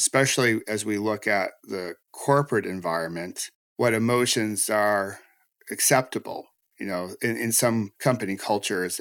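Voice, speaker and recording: A man's voice: on the low side, a bit bright, no echo. Earnest man hosting a podcast interview, dry-voiced. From United States. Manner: reflective and earnest, speaking in long flowing thoughts. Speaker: podcast host. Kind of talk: conversational interview.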